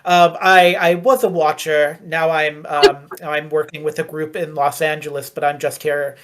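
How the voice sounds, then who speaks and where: GM voicing a fussy, courteous British former watcher, gentle and rambling. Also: medium pitch, flat delivery, normal speed, heavy background noise, close to an everyday voice. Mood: flustered. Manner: flustered, fussy, calls people dear. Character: polite former watcher, older British man. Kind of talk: in-character role-play.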